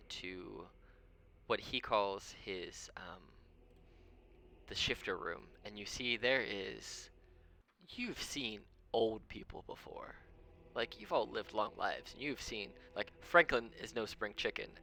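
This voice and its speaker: A man running a tabletop game as game master, narrating in a loose, rambling way full of ums. His voice sits low in pitch yet has a bright, forward edge. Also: slight background noise. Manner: rambling, lots of ums, chuckles often.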